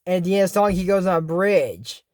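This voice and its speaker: Casual episode recap, rambling, self-correcting, animated pitch, dry close mic. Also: fast, dry recording. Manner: rambling, self-correcting, laughs at own slips. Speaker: cartoon episode reviewer.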